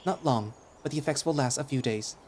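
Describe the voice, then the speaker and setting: A man's voice: medium pitch, fairly quick, darkish tone, a little hiss or hum, voice pushed up, natural voice. A man voicing a friendly, easygoing village chief.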